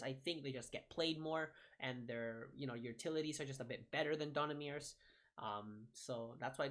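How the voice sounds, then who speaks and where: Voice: medium pitch, fairly bright tone. A young adult gaming creator giving casual card-ranking commentary, rambling and often correcting and hedging mid-sentence.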